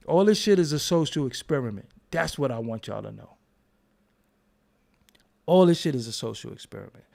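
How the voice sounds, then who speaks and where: A man's voice: mid-range voice, lively intonation, moderate pace, creaky, long pauses, a little mellow. A young man who hosts a commentary vlog and rants bluntly, cursing and repeating himself. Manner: blunt, profane, repetitive. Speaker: commentary channel host. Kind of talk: ranting commentary.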